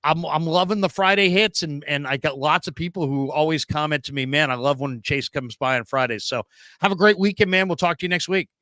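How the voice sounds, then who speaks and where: Male host, 40s, bright and animated storyteller, dry close mic. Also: a little high, brisk, no room sound. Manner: animated storyteller, acts out quoted people. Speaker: show host. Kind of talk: casual sports podcast chat.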